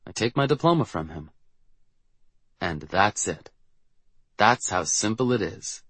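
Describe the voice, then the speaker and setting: A man's voice: on the low side, animated, unhurried, fairly bright tone, breathy edge, no echo. A man narrating a first-person audiobook in a wry, reflective storytelling manner.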